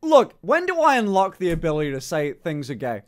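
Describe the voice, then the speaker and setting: A man streaming casually to his chat, swearing freely, laughing often and breaking into loud excited outbursts. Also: on the high side, brisk. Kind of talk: casual live-stream reaction.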